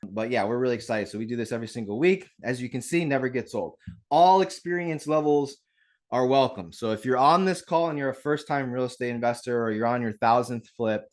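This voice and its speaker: Talking brisk and upbeat in a mid-range voice, this webinar host addresses his audience directly during a live real estate session. He comes through a video call microphone and keeps the energy high.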